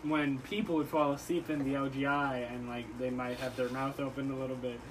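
A man's voice: mid-range voice, level tone, fairly quick, recorded from a distance, noisy background. A young man in casual chat, teasing his friends and laughing a lot.

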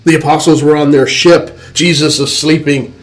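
A man preaching a fervent sermon with dramatic pauses. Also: on the high side, steady tone, faint music behind.

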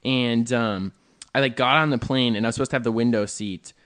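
A man co-hosting a podcast, telling stories in an animated, rambling way. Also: mid-range voice, fairly quick. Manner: animated storytelling, lots of fillers. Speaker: podcast co-host. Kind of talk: casual podcast chat.

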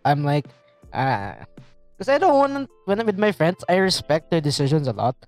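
A man's voice: a little high, huge pitch swings, normal speed, no room sound, faint music behind. A young man co-hosting a podcast, chatting casually in a laid-back, slangy way with plenty of fillers. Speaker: podcast co-host. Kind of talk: casual chat.

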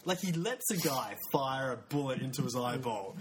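A man's voice: mid-range voice, lively intonation, moderate pace, background noise. A man co-hosting a podcast, telling rambling, self-mocking stories in casual chat. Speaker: podcast co-host.

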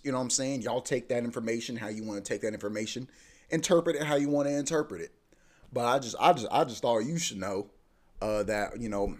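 A man hosting his podcast in a casual, playful rant, speaking in with loose, repetitive slang. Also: medium pitch. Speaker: podcast host. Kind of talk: casual ranting monologue.

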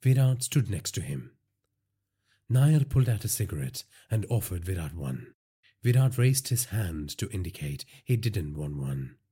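A man narrating a crime story in a measured, dramatic storytelling manner. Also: low voice, very animated, mellow, husky.

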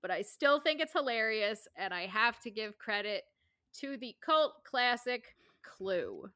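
A woman co-hosting a podcast in casual chat, animated and swearing, acting out silly voices. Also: on the high side, unhurried, no echo. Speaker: podcast co-host.

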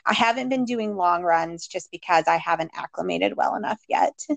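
Relaxed woman in casual chat, dry sound. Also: on the low side, normal speed, creaky, dry recording. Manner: relaxed and reflective, with filler words.

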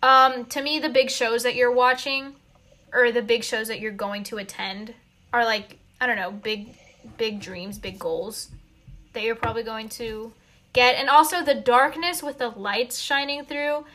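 A woman's voice: fairly high pitch, fairly even intonation, measured pace, sharp tone. A teenage girl co-hosting a casual podcast chat, rambling with lots of fillers. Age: teens. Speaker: podcast co-host.

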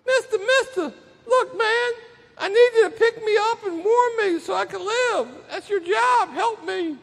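A man voicing a freezing male snake that begs for help in a high, whimpering squeak, in a storytelling talk. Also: measured pace, gravelly, a bit bright, exaggerated voice. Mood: pleading. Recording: echoey hall.

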